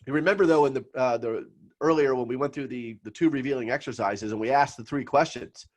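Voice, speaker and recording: A middle-aged man speaks to a room of financial advisors in a seminar talk. He tells stories and makes his points with emphatic pauses, at a medium pitch. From South Florida.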